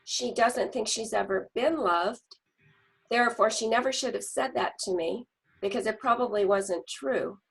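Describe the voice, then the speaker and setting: A middle-aged woman telling a personal story in a group discussion, earnest and animated, with restarts. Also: fairly high pitch, moderate pace, vocal fry, husky, poor audio.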